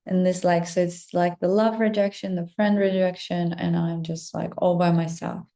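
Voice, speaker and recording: A young woman telling an emotional personal story to her listeners, swearing a lot and often dropping into soft whispers. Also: fairly low pitch, level tone, normal speed. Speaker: spiritual content creator. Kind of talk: confessional storytelling to camera.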